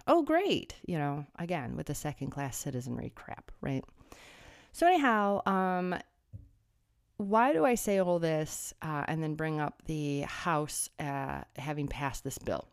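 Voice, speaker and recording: A woman's voice: deep voice, big pitch swings, normal speed, smooth, dry recording, studio quality. A woman delivering a sarcastic political commentary monologue, full of rhetorical questions.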